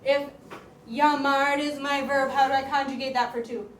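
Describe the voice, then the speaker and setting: A woman teaching a classroom grammar lesson as a high school Spanish teacher, talking in a lively, chatty way with lots of "like". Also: moderate pace, crowd noise. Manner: lively, chatty, uses "like" often. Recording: echoey classroom, voice far from mic, faint room noise.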